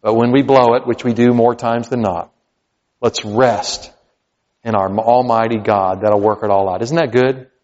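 A male pastor preaching a sermon, swinging from loud, high exclamations to low, quiet emphasis. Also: steady tone, normal speed. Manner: preaching with big swings in pitch and loudness, rising to near shouts then dropping low. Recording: dull sound with long hall reverb.

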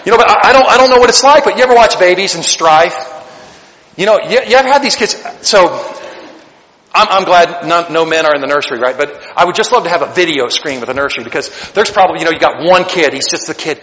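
A man preaching a sermon as pastor, animated and joking, acting out little voices to make his points. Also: high-pitched, fairly quick. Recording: long hall reverb.

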